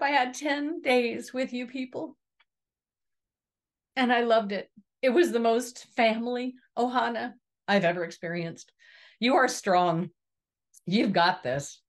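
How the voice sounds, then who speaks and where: A woman's voice: on the high side, slow, long pauses. A woman giving an earnest, preachy inspirational talk, repeating key lines for emphasis and acting out the voices she quotes. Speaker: motivational speaker. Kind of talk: inspirational monologue to camera.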